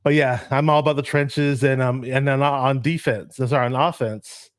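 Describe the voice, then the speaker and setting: A man co-hosting a fan show, speaking in a measured, laid-back way with frequent ums. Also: mid-range voice, steady tone, no echo, studio quality. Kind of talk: casual sports talk.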